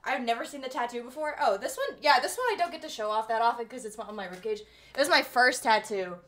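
Bright-voiced high young woman streamer. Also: fast talker. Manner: playful, swearing, laughing, reading chat aloud. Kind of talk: casual livestream chat.

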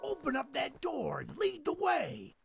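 A gravelly, high-pitched mine supervisor from a horror game, talking in an encouraging, conspiratorial way. His pitch swoops widely from line to line, and faint music sits under his voice. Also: huge pitch swings, unhurried, full character voice. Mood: cheerful. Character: friendly male mine supervisor urging a monster hunt. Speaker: game character.

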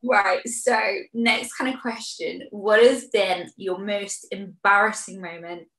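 A woman's voice: mid-range voice, fairly even intonation, slow pace, fairly bright tone, reverberant, rough recording. A woman hosting a casual interview chat, encouraging her guest with frequent yeahs. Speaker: host.

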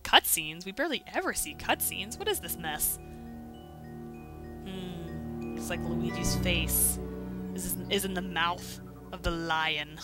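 A woman talks through a video game in a loose, chatty way, shifting between mumbled asides and sudden loud exclamations. Her home mic has no pop filter, and game music plays clearly behind her voice. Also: lowish voice, expressive, slow pace, long pauses. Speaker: let's play host. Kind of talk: casual gameplay commentary. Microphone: home mic without pop filter.

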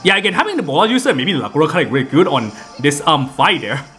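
Male gameplay commentator, slightly high voice, rambling casual delivery with frequent restarts. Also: very animated, fast, bright, forceful tone. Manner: rambling with many fillers and restarts. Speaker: gaming video host. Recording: game music in the background.

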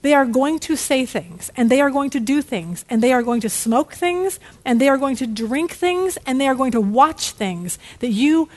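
Animated middle-aged woman teaching Bible study. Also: high voice, moderate pace, hardly any pauses. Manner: candid and animated, peppered with "okay?". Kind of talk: casual teaching talk.

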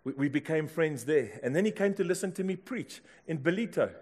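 South African pastor preaching a sermon. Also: male voice, on the high side, expressive, a little fast, slightly rough. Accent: South African English. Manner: storytelling, swinging from hushed to loud exclamations. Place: church.

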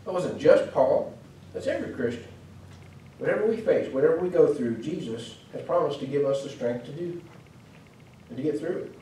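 Preacher, male, earnest teaching tone, mellow voice, echoey church from far off. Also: a little high, lively intonation, moderate pace, pauses often, a little hiss or hum. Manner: earnest, explanatory, with frequent restarts and fillers. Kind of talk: sermon. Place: church hall.

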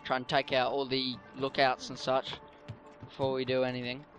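A man talking to himself through a gaming session at an average pitch, chatty and a little scattered. He trips over his words and swears now and then. Faint game music plays underneath. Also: monotone, normal speed, fairly bright tone, lo-fi sound. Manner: rambling, gets tongue-tied, swears casually. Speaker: let's play gamer. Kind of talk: casual gameplay commentary.

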